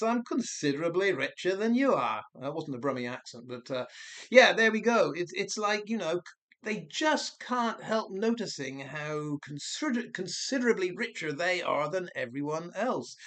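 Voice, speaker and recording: A man with a somewhat high voice delivers a one-man commentary. He sounds mocking and sarcastic, firing rhetorical questions. He often stops and corrects himself mid-sentence. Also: a bit bright. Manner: rambling with frequent self-corrections. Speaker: commentary channel host. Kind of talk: monologue commentary.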